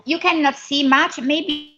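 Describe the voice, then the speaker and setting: A woman's voice: sits high, steady tone, a little slow, sharp tone, dull audio. A woman with an Italian accent, hesitant and searching for words as she sets up a class call. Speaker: course host.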